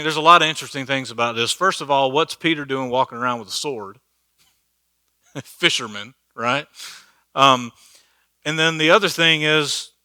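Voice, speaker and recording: A man's voice: fairly high pitch, bright, forceful tone, clear, resonant tone, dry recording. A man teaching a church Bible study in a conversational, joking way, laughing at his own asides. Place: church hall.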